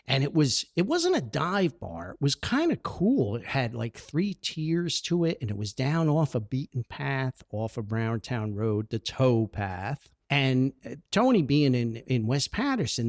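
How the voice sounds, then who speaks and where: A man tells neighborhood stories in a loose, animated way, his gravelly voice swinging up and down. He is recorded close on a podcast mic with a dry, dead sound. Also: mid-range voice, unhurried, no room sound. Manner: animated, laughing, acts out dialogue. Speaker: podcast storyteller. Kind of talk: casual storytelling monologue. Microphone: studio mic.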